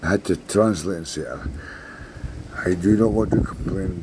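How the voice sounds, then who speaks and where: A Scottish vlogger in his sixties rambles through a story in casual chat, his fairly low, dark voice moving at a measured pace with long pauses. He swears freely and keeps tacking "right?" onto his sentences. There's slight background noise.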